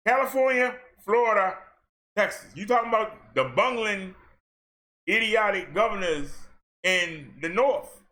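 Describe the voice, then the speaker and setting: A man's voice: high voice, animated, unhurried, pushed and bright. A man giving a sarcastic ranting commentary as he reads off numbers. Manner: sarcastic, talks back at the figures he reads. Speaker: commentary vlogger.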